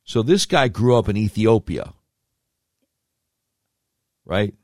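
Rich: A man with a low voice hosts a podcast, talking through the news with sarcastic, rambling commentary and slangy asides. The sound is dry and close, with no room echo. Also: animated, slow pace, darkish tone. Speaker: podcast host.

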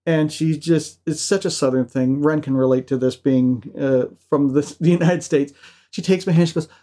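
A man co-hosting a podcast, telling stories in a lively way with frequent laughs and restarts. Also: a little high, moderate pace. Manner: animated storyteller, laughs often, restarts. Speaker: podcast co-host. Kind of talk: casual chat.

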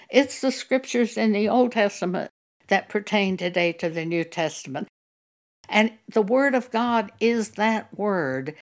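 Slow, gravelly older woman preaching. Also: fairly low pitch. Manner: slow, measured testimony with drawn-out words. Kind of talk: sermon.

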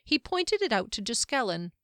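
A woman reading a fantasy novel aloud in a steady, even storytelling manner. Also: on the high side, normal speed, dry recording, studio quality. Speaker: audiobook narrator. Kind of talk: scripted fantasy narration.

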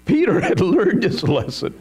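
A male pastor delivers his sermon in an emphatic, animated way. His voice sits a little high for a man and rises and falls widely as he asks rhetorical questions of his listeners. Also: unhurried, breathy edge.

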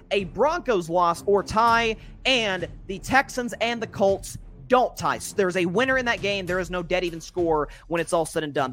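A man's voice: high voice, a bit bright. A man hosting a solo sports podcast, rambling through his game picks with many fillers and self-corrections.

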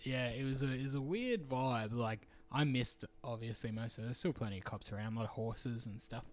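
A man's voice: mid-range voice, a little fast, a little hiss or hum. A man with an Australian accent, a podcast host chatting casually, laughing often and swearing. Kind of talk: casual chat.

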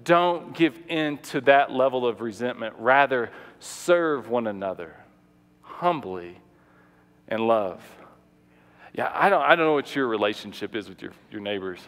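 A man's voice: medium pitch, expressive, unhurried, fairly bright tone. Guy preaching a story, lots of repeats, acts out quotes, big echoey hall. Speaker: pastor. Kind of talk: sermon with personal story.

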